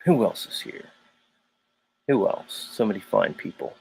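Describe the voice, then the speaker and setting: A man hosting a live stream, ranting in a heated, profane way and then talking himself calm. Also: on the low side, measured pace, gravelly, a little hiss or hum. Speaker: livestream host. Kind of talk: casual live-stream rant.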